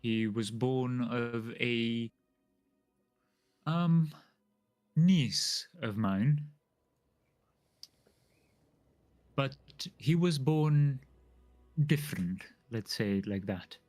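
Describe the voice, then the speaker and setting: A man voicing a slow, formal dwarf noble. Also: medium pitch, darkish tone, soft background music. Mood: confiding. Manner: formal, hesitant, fills pauses with "um". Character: formal male dwarf noble, measured and secretive.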